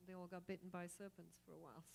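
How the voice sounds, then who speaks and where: A woman speaking casually at a community gathering, her voice a little low. She talks in a chatty, easygoing way. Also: little pitch movement, fast, creaky, darkish tone, a little hiss or hum. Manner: chatty, laughs between thoughts. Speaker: event speaker.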